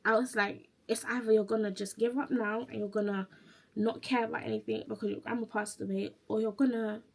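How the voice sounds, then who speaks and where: A woman's voice: a little high, level tone, brisk, gravelly, a little hiss or hum. A woman in her twenties chatting casually in a diary-style vlog, often quoting her own past thoughts. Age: 20s. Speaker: vlogger.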